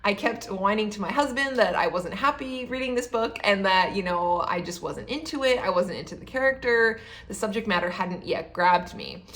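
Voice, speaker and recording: A woman's voice: medium pitch, animated, moderate pace, few pauses, a bit bright. A woman, casually reviewing a novel, full of fillers and quoted asides. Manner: chatty, many fillers like um and you know; acts out her own past thoughts in quoted asides. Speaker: book vlogger.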